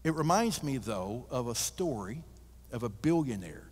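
Male guest preacher, folksy and animated, mid pitch, long church reverb. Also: moderate pace. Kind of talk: sermon with storytelling.

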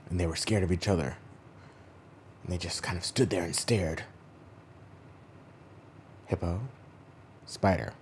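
Deep-voiced man telling a bedtime story. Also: steady tone, a little slow, pauses often, a little hiss or hum. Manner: hushed, dropping to whispers for suspense. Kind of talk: improvised children's bedtime story.

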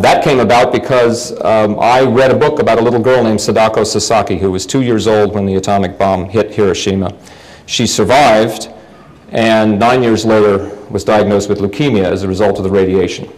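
A man's voice: on the low side, darkish tone, rough recording. A middle-aged man from the United States giving a lecture, telling family anecdotes with wry humor and frequent restarts. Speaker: guest lecturer.

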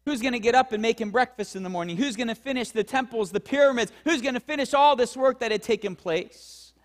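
A man with an unusually high voice delivers a sermon from the pulpit of a church. He preaches with a Central Pennsylvania accent, rising high and loud on key points and dropping low and slow to drive them home. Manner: preaching with dramatic swings in pitch and loudness, slowing for emphasis. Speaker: pastor. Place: church sanctuary.

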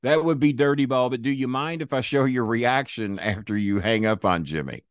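A man doing an impression of an excited podcast host, speaking high, slow and drawn out. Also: clear, resonant tone, no room sound, studio quality, natural voice. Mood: pleading.

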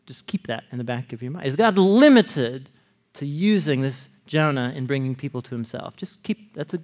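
A man's voice: mid-range voice, animated, moderate pace, darkish tone. A man teaching a sermon on scripture in a jokey, conversational way, talking straight to his listeners and chuckling often. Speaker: Bible teacher.

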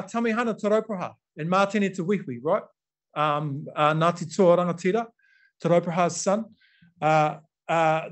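A middle-aged New Zealand man with a high-sitting voice tells stories conversationally to an audience, acting out quotes and filling his speech with fillers.

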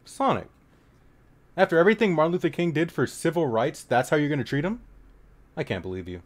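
A man making jokey, profane reaction commentary on a horror game, trading mumbled asides for sudden shouted outbursts. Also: on the high side, animated, fairly quick.

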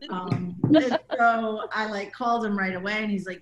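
A woman's voice: mid-range voice, steady tone, moderate pace, crowd noise. A woman director chatting in an interview, telling behind-the-scenes stories with many casual fillers and acted-out quotes. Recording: roomy echo.

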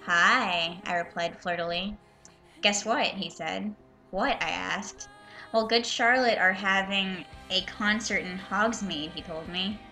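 Sarcastic woman reader with a sharp, bright voice who keeps interrupting herself with profane jabs. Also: mid-range voice, measured pace, faint music behind. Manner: sarcastic, profane, exasperated asides. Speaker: reader and commentator. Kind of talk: reading a fanfiction aloud with mocking commentary.

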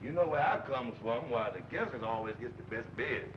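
A man playing a deadpan, drawling roommate. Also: mid-range voice, normal speed, natural voice. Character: slow, deadpan male roommate who sleepwalks. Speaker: comic film character. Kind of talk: 1940s film comedy acting. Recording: dull old film soundtrack with faint hiss.

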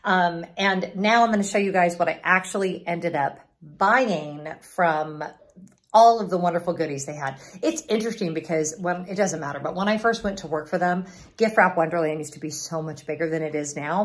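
A middle-aged woman with a Southern US accent, chatting casually in a vlog about her shopping haul, often breaking off mid-sentence. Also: fairly low pitch. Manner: rambling, self-interrupting. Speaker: vlogger.

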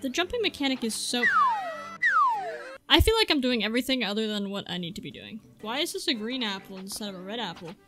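A young woman commentating her own game playthrough, excitable and swearing freely, reading the on-screen text aloud. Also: on the high side, fast. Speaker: gaming channel host. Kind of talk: let's-play commentary. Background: faint game music.

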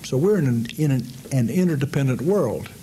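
Male lecturer, warm and unhurried, explaining policy at a podium; faint room noise. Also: mid-range voice, expressive, low-quality recording. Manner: measured, explanatory, with frequent uh fillers. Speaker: foreign policy speaker. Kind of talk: public lecture.

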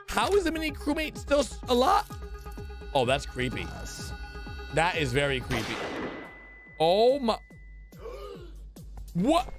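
A man's voice: high-pitched, a bit bright. A man hosting a reaction video, exclaiming and gasping as he talks to viewers. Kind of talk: excitable reaction commentary.

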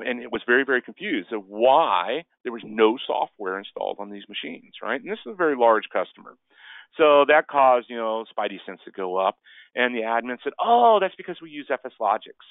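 A man gives a casual webinar presentation, chatty and peppering his sentences with "right?". His voice is medium-pitched, and the recording sounds dry and tinny, like a phone line.

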